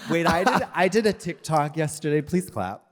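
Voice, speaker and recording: A man co-hosting a comedy show with excitable, theatrical outbursts. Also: on the high side, moderate pace, very noisy. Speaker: podcast co-host. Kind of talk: comedic live-show banter. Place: live stage show. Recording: reverberant live venue.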